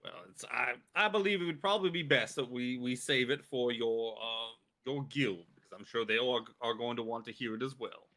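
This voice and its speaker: A man's voice: mid-range voice, a little fast, hardly any pauses, pushed and bright. A man playing a tabletop game, hesitant and stumbling, turning formal when speaking in character. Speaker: player. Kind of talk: casual tabletop role-play.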